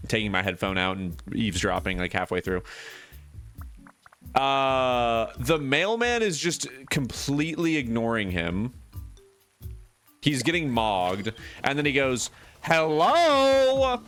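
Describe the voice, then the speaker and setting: A man's voice: mid-range voice, a bit bright. A man streaming a video game, telling a rambling, profane story in casual chat, full of fillers and restarts.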